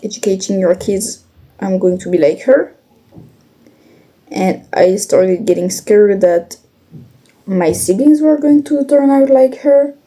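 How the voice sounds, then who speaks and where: A young woman speaking in a casual confessional vlog, candid and blunt, halting with many restarts and fillers. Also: mid-range voice, mellow. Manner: candid, blunt, occasional swearing.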